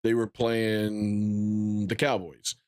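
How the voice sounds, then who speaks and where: A man in his thirties chatting casually on a live stream, animated and breaking into loud excited bursts as he retells things. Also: fairly low pitch, extremely slow. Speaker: gaming streamer.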